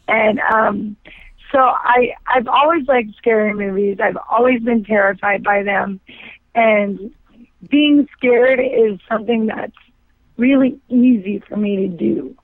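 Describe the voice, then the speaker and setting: A woman's voice: mid-range voice, steady tone, a little slow, no echo. Woman, 30s, phone-in interview guest. Chatty, filler-heavy storyteller. Thin, dry phone-line sound. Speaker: guest actress. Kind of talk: casual interview chat.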